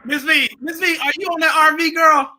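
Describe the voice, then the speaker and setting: Hyped high-voiced male stream host. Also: steady tone, a little fast, poor audio. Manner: playful, hyped, shouts introductions. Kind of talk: live stream hosting.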